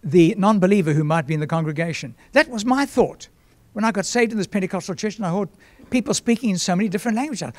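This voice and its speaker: An older man from South Africa preaching a sermon as pastor, telling a long story and often clearing his throat. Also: high-pitched, lively intonation, fast, hardly any pauses, darkish tone, dry recording.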